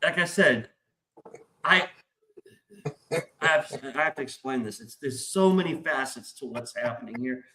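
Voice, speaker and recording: A middle-aged man hosting a podcast, telling a story in a casual, excitable way and swearing a lot. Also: medium pitch, normal speed, pauses often, noisy background. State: stressed, hyped up. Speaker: podcast host.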